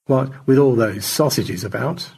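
A man reading aloud and voicing a dry, pedantic man fond of old science fiction, with a gravelly, raspy voice and a wry, precise delivery. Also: medium pitch, unhurried, mellow, heavily acted.

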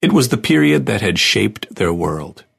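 Brief: male audiobook narrator, very low voice, husky and measured. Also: very animated. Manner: measured storytelling.

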